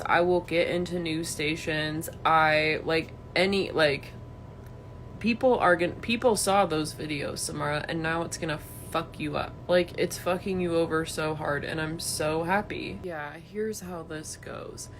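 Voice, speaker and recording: A woman's voice: fairly low pitch, unhurried, slight background noise. A woman ranting into her phone for social media, swearing, taunting and threatening someone, rambling with lots of fillers. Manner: filler-heavy, rambling speech. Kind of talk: angry unscripted social media rant.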